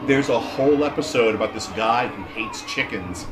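A man's voice: medium pitch, moderate pace, crowd noise. A man hosting a casual chat, telling stories with enthusiasm. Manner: enthusiastic storyteller.

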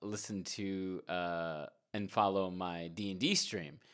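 A man co-hosting a casual podcast, excitable and rambling, laughing often. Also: deep voice, slow, clear, resonant tone. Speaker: podcast co-host.

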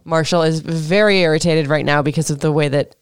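A woman in her thirties from Florida, chatting candidly on her podcast. Her voice is smooth and clear, recorded dry and close with no room sound. She rambles freely between tender and joking. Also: deep voice, fairly even intonation, fairly quick, no room sound. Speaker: podcast host and mother. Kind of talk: casual podcast chat.

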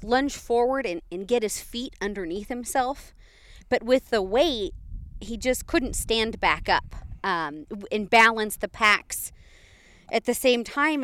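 A young woman, telling a story in a casual, animated way and laughing often. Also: fairly high pitch, no echo.

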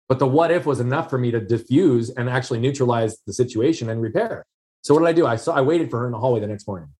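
A man's voice: mid-range voice, a little mellow. A man telling a personal story in a conversation, earnest and emphatic, repeating key phrases for weight.

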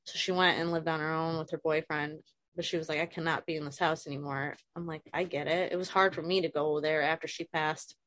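Low-voiced woman sharing grief candidly. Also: fairly even intonation, brisk, a bit bright, dry recording. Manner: frank, emotional, swears casually. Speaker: guest. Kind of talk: candid personal conversation. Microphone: video call.

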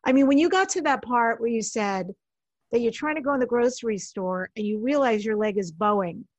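A woman's voice: fairly high pitch, fairly quick, no room sound. A woman hosting an interview, asking curious and empathetic questions. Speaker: interviewer, host. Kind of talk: conversational interview.

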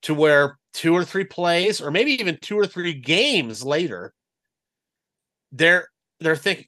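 Rambling man with a higher voice. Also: big pitch swings, moderate pace, sharp tone. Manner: rambling, explains with many "you know" and "like". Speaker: podcast co-host, sports reporter. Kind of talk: casual sports podcast chat.

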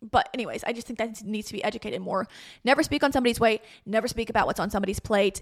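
A woman's voice: medium pitch, fast talker, no echo, studio quality. A young woman, a podcast host candidly telling a personal story in a chatty way, often saying "like". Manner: chatty, frequent "like", quotes herself and others in lively voices.

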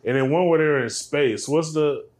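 A man's voice: on the high side, moderate pace. A man in a casual podcast chat, making chill, dry remarks.

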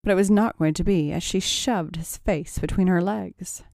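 A woman narrating an erotic audio story in a slow, sultry reading. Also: fairly low pitch, vocal fry, darkish tone, no echo, studio quality.

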